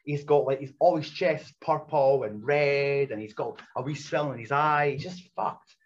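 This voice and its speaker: A man, a former wrestler, casually telling profane, animated stories from his past. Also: mid-range voice, normal speed. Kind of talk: casual storytelling. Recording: dull lo-fi sound with faint noise.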